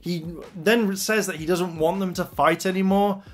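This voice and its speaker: Brief: rather high-voiced male reviewer, chatty and excitable, faint music underneath. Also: moderate pace. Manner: excitable, animated retelling with acted-out quotes. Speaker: anime reviewer. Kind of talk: casual spoken review.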